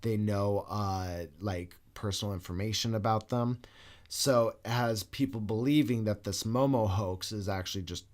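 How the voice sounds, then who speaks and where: A man co-hosting a podcast, telling a story in casual chat, animated and swearing freely. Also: lowish voice, normal speed. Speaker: podcast co-host.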